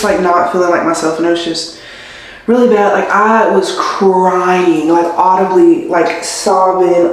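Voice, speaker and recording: A woman's voice: on the low side, a little hiss or hum. A young woman, a nurse, chatting casually in a rambling, confiding way as she does her hair at home. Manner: rambling and chatty, heavy use of "like"; confiding and emotional. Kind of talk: casual vlog chat. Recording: very echoey room.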